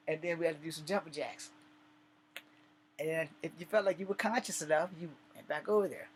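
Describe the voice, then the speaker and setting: A man's voice: on the high side, fairly even intonation, fairly quick, a little hiss or hum. A man casually telling an army story in a loose, profane, laid-back way.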